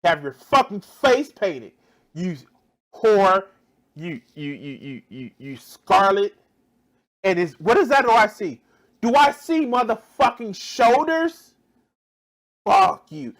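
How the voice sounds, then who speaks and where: A man voicing a raging puritanical man who scolds a woman for immodesty, shouting and sputtering curses. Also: high voice, big pitch swings, slow pace, pauses often, pitched above the performer's own voice, exaggerated voice. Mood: outraged.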